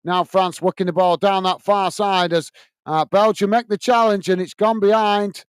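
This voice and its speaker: A man from England hosting a live football watch-along, calling the play and chatting with viewers in a chatty manner that quickly turns to ranting. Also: high-pitched, steady tone, clean tone, no room sound. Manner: chatty, reads out viewer messages, quick to rant. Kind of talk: live football commentary and chat.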